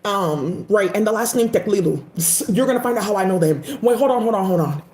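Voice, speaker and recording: A woman's voice: mid-range voice, animated, fairly quick, a little mellow. A woman vlogger giving a casual, emphatic rant full of profanity. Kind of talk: casual ranting commentary. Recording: echoey room.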